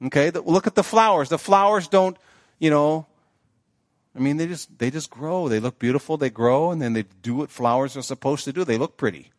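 A man's voice: on the high side, fairly quick, no room sound, studio quality. A male pastor preaching a sermon in a conversational way, often checking in with the congregation. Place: church sanctuary.

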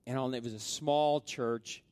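A middle-aged man delivers a sermon full of personal stories in a mid-range voice. He drops to near-whispers for asides, then climbs high and loud when he gets excited. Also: unhurried, no echo. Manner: storytelling, swings from hushed asides to loud excited peaks. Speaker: pastor.

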